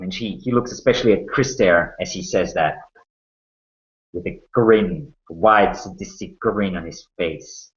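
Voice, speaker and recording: A man's voice: deep voice, measured pace. A man narrating a tabletop game as game master, telling the story in a dramatic way with small restarts. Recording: dull, roomy sound.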